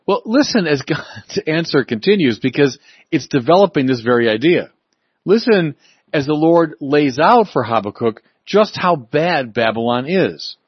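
Male preacher, husky voice, emphatic sermon delivery, dry and slightly muffled recording. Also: a little high, lively intonation, dry recording. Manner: emphatic, rising for stress and slowing on key words.

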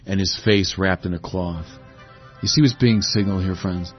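A man's voice: sits low, normal speed, breathy edge, muffled recording, faint music behind. A man giving a sermon, reflective and rising to emphatic peaks. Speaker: preacher.

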